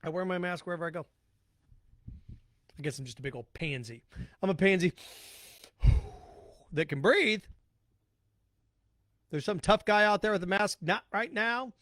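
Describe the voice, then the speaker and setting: A man with a high voice hosts his own sports talk podcast. He rants bluntly and sarcastically, hammering his points over and over. The sound is dry and close, with no room echo. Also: animated, unhurried, pauses often, a bit bright. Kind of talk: opinionated solo podcast rant.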